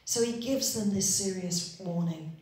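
A woman's voice: lowish voice, a little slow, a little mellow, heavy reverb, rough recording. A woman pastor preaching a sermon, retelling scripture in a chatty, conversational way. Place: church.

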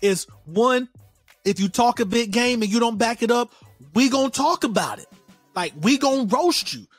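A woman's voice: a little high, expressive, normal speed, dry recording, soft background music. A woman co-hosting a casual podcast chat, blunt and sassy, driving her points home with emphatic repetition. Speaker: podcast co-host.

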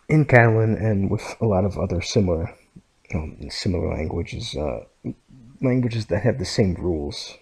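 A man's voice: lowish voice, vocal fry, a little mellow, slightly rough. A man from the United States, explaining a language lesson over a screen recording, full of fillers and "okay?" checks. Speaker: language teacher.

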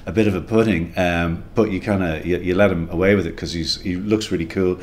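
A man's voice: low voice, steady tone, a little fast, a little mellow, slight background noise. An Irish man chatting casually as a guest about films, rambling with frequent stammered restarts. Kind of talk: casual film discussion.

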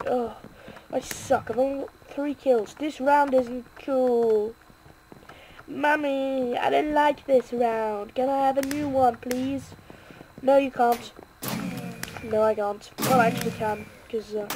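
A woman giving excitable, self-mocking live commentary while playing a game, swearing and cheering in bursts. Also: sits high, slow pace, background noise. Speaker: gaming video creator.

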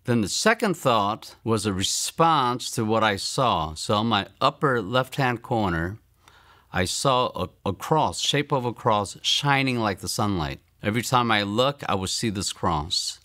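A man in his fifties from Maryland, telling a personal testimony in earnest storytelling, often trailing off softly at phrase ends. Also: on the low side, animated, unhurried. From Maryland, United States. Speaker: guest giving a testimony.

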